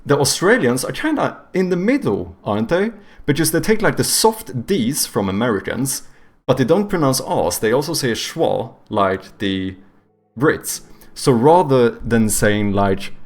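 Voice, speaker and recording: A man streaming a video game, chatting casually with swearing, laughing outbursts and sudden excitement. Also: mid-range voice.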